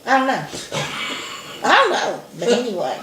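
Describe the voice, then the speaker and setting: A woman from Alabama with a Southern accent and an animated, chatty manner, laughing often as she co-hosts a casual chat. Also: fairly high pitch, normal speed, echoey room, slight background noise. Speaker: co-host.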